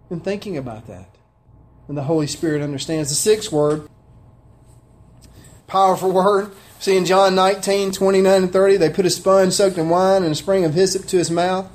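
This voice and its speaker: A man's voice: high voice, a little mellow. A man preaching a sermon, conversational and heartfelt, often asking his listeners questions. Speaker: pastor.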